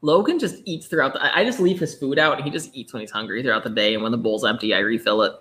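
Podcast co-host, mid-pitched voice, relaxed, joking, sometimes whispers. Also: quick pace. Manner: relaxed, tells jokes, drops into whispers. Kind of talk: casual chat.

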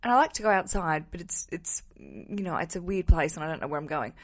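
A woman hosting a wedding podcast alone from a hotel room, talking casually with a slightly rough morning voice and a cheeky, self-mocking, rambling manner. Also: lowish voice, lively intonation, a little fast. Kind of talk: casual solo podcast monologue. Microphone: wearing headphones.

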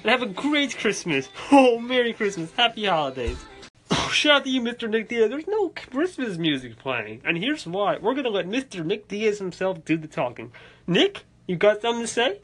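A cheerful man in a Santa persona runs a holiday shout-out segment, his pitch bouncing up and down. Faint music hums behind him. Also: sing-song, moderate pace. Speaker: podcast host in a Santa persona.

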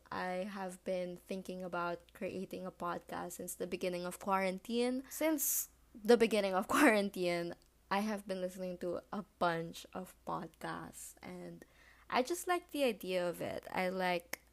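A teenage woman from the Philippines talks through a solo podcast episode on her own. She rambles and fills her pauses with "um" and "you know". She is chatty and a little self-conscious about talking about herself. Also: lowish voice, gravelly. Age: late teens. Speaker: podcast host. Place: home living room at night.

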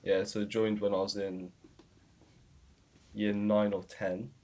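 A young man, a student guest chatting casually, relaxed and self-deprecating. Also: on the low side, slow. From Surrey, England. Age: young adult. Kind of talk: casual interview chat.

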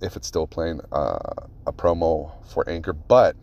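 A man hosting his own podcast, telling rambling, profane stories in a casual, animated way. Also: a bass voice, unhurried, highs cut off. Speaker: podcast host. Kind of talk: casual solo podcast storytelling.

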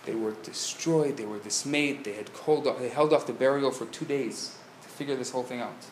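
A man, a rabbi, telling a story in a live lecture, swinging from hushed tones to loud bursts. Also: mid-range voice, brisk, hardly any pauses, a little hiss or hum. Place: synagogue lecture hall, live audience. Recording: echoey live room with faint ambience.

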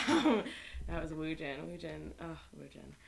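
Young woman, lowish voice, chatty storyteller who laughs a lot. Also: unhurried, vocal fry. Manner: laughs often, animated storytelling with voiced quotes. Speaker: storyteller among friends. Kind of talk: casual chat.

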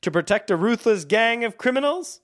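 A man's voice: high voice, expressive, normal speed, fairly bright tone, no room sound. Guy cohosting a book podcast, jokey, voice jumps up and down, dry close sound. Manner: joking, acts out quoted lines. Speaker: podcast co-host reading a book aloud. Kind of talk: casual chat and playful read-aloud.

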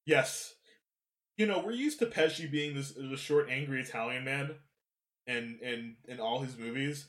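Animated man with a roomy echo. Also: mid-range voice, measured pace. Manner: animated, swearing, many fillers and restarts. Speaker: podcast host. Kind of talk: casual film discussion.

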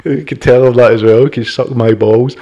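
A man's voice: medium pitch, steady tone, brisk, warm tone, lo-fi sound. A middle-aged man hosting a podcast, talking bluntly and opinionatedly, swearing and laughing often. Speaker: podcast host. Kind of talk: casual podcast chat.

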